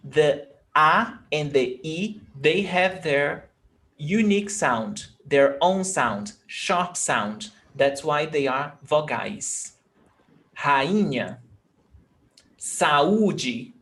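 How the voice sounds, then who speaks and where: Slow patient language teacher, says words over and over, mixes english and portuguese. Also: medium pitch, lively intonation, a bit bright. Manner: patient, repeats and sounds out words, switches between English and Portuguese. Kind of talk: live online language class.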